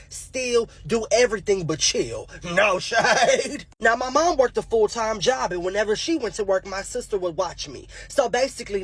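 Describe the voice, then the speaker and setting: A man's voice: sits high, a bit bright, breathy edge. A man in his twenties telling a comic story from his childhood in a stand-up style, laughing at his own jokes and acting out the voices. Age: 20s. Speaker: comedian.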